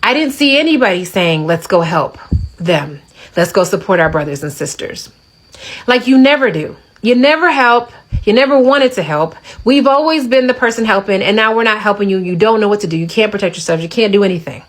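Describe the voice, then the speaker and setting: A woman's voice: fairly high pitch, expressive, fast talker, rough recording. Indignant woman ranting to camera. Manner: indignant, emphatic, repeats lines for effect. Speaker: video creator in a played clip. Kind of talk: casual ranting commentary.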